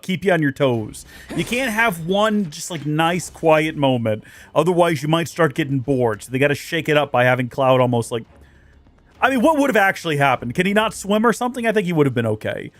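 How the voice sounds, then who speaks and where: A man's voice: fairly high pitch, very animated, fairly quick, no room sound. A man giving casual let's play commentary on a game, full of wry, joking asides.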